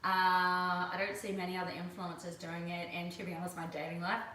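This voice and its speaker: A woman's voice: fairly low pitch, monotone, brisk, bright, forceful tone, distant mic, slight background noise. A young Australian woman in her twenties, chatting casually on a livestream, reading out viewer questions and laughing often. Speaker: livestream host. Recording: echoey room, voice off-mic.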